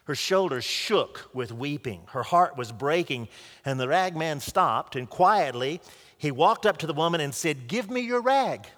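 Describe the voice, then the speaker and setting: A man's voice: fairly high pitch, animated, measured pace, fairly bright tone. A man preaching a sermon by retelling a story earnestly, with small restarts, in a large hall or church. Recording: long hall reverb.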